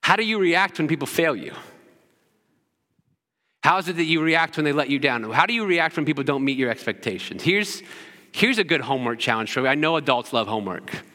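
A man pastor delivers a sermon in a bright, forceful voice that carries a lingering reverb through the church. He leans on rhetorical questions and returns to the same short phrase again and again for emphasis. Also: fairly high pitch, expressive, brisk.

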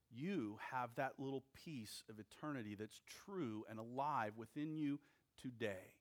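Speaking at a middle pitch, this pastor takes his sermon at an unhurried, measured pace. He chops his sentences into short, weighty phrases and lets deliberate, emphatic pauses fall between them.

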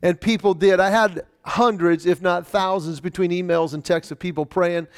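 A man's voice: sits high, fairly even intonation, normal speed, clear, resonant tone. A man preaching a sermon, telling a personal story earnestly with wry humor and often stumbling and restarting his words. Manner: frequent stammered restarts. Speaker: pastor.

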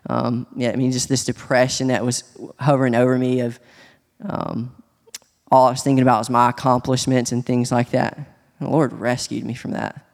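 A man sharing a personal testimony in church, speaking earnestly and haltingly, with many restarts. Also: mid-range voice, flat delivery, vocal fry. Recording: long hall reverb.

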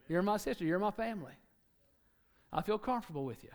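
A man from Alabama with a Southern accent, preaching a sermon emphatically, swinging between loud and soft and repeating key words. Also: high-pitched, lively intonation, fast.

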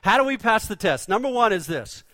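A man's voice: high voice, big pitch swings, a little fast, bright, forceful tone, no room sound. A man preaching a sermon in a folksy, conversational way, full of rhetorical questions. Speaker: pastor.

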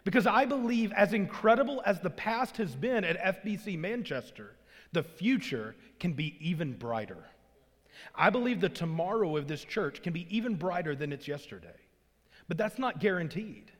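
A man's voice: high voice, expressive, moderate pace, in a large hall. A man from Arkansas, preaching a sermon as a pastor in a church, with earnest emphasis that rises on key lines. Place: church sanctuary.

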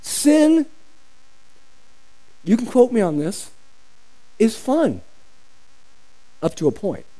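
A pastor preaching a sermon in an emphatic style, repeating phrases for stress. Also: male voice, very high voice, sing-song, slow, long pauses, warm tone, low-quality recording.

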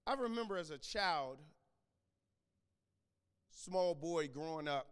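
High-voiced preacher in a reverberant hall. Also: male voice, expressive, takes it slowly, clear, resonant tone. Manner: repetitive stammering restarts, names congregants, builds to shouting. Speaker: pastor. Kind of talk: sermon. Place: church sanctuary.

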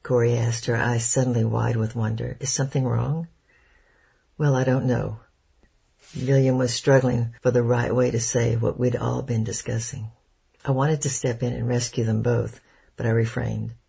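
Gravelly, husky man reading a novel. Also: mid-range voice, little pitch movement, normal speed, dark tone. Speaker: audiobook narrator. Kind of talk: first-person novel narration.

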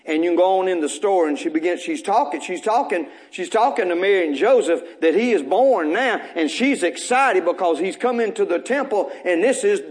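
A man's voice: high-pitched, a little mellow. A male pastor, preaching a folksy, fervent sermon full of repetition in a church. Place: church sanctuary.

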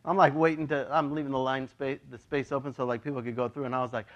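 A man preaching a casual, joking sermon as a pastor, chatty and animated, acting out voices in his stories. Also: mid-range voice, fast talker, dull audio. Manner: chatty, with many "like" and "you know".

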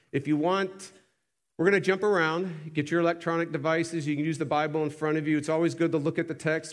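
A man preaching a sermon in church, reading scripture aloud and asking emphatic questions, swinging between loud and hushed delivery. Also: a little high. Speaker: pastor. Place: church sanctuary.

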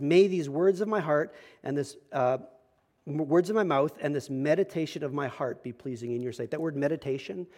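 A mid-range voice belongs to this young adult male pastor, who preaches a sermon telling a personal story and swings between whispered-feeling asides and loud, emphatic passages.

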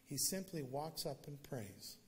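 A man's voice: on the high side, very animated, unhurried. A male preacher retelling a scripture story in a casual, conversational sermon with joking asides.

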